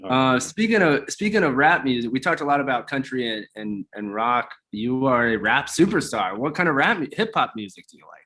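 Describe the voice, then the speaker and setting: A man's voice: medium pitch, very animated, fairly quick, hardly any pauses, sharp tone. Male podcast host, friendly, playful interviewer. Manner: friendly, asks playful questions. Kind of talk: casual interview.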